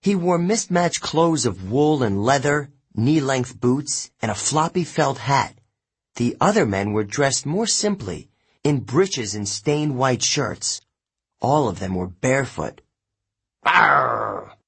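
A man narrating an audiobook in the first person, expressive and unhurried. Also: mid-range voice, breathy edge.

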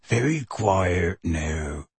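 Gentle giant, deep and rough, slow and pleading, a man putting him on, audiobook, dry sound. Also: very animated, no room sound, exaggerated voice. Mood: hushed. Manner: hushed, slow, earnest pleading. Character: huge gentle half-giant man, tearful and anxious. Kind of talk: audiobook character voice.

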